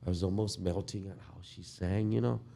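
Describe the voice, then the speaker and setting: Older male musician, very low voice, unhurried and reminiscing. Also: gravelly. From Guam. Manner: relaxed, reminiscing, drawn-out storytelling. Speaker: guest musician. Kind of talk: casual podcast conversation.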